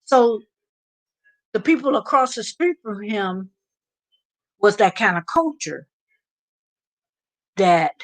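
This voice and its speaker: An American woman hosting a live stream, chatting and telling stories with animated asides. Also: mid-range voice, slow, pauses often. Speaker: vlog host. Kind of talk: live stream casual chat.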